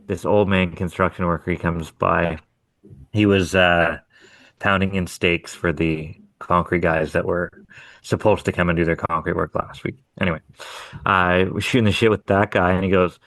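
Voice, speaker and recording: A man's voice: sits low, fairly even intonation, a little slow, pauses often, a bit bright, no room sound. A man co-hosting a podcast, telling stories about his contracting work in a laid-back, profane way. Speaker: podcast co-host, hardscape contractor. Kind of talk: casual chat.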